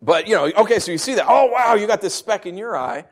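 A man's voice: high-pitched, animated, fast talker. A man in his thirties preaching a sermon in a conversational way, with self-mocking asides and emphatic rises. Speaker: pastor.

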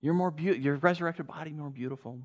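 A man's voice: on the high side, quick pace. A man, a pastor, giving a casual, conversational sermon to a congregation. He chuckles often and keeps checking in with "right?".

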